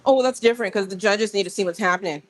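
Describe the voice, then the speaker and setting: A woman hosting a casual livestream from a gym, talking straight to her viewers in an animated, rambling way. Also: mid-range voice, rapid-fire. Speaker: livestream host. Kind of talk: casual live-stream chat.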